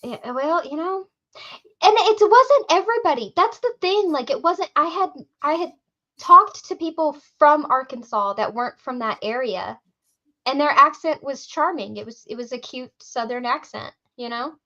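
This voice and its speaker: Bright high-voiced woman telling stories. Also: moderate pace, lo-fi sound. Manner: animated, swearing storyteller. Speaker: podcast co-host. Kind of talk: casual chat.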